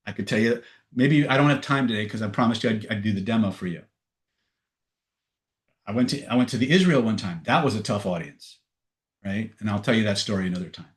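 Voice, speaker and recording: A man's voice: fairly low pitch, fairly quick. A man leading a live webinar, telling a story and acting out the dialogue, often checking in with "right?". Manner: storytelling, acts out dialogue, frequent "right?" tags. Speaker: seminar trainer. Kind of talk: live webinar teaching with anecdotes. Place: online webinar.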